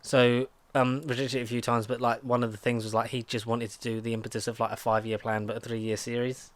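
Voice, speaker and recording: Here a man co-hosts a podcast, his mid-range voice moving little in pitch as he talks fairly fast. It's loose, meandering conversation, packed with fillers and restarts.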